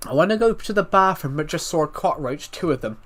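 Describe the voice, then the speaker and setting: A British man streaming live and chatting with viewers, talking calmly with frequent restarts, his voice thick from being slightly ill. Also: fairly high pitch, quick pace. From United Kingdom. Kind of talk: casual live stream chat.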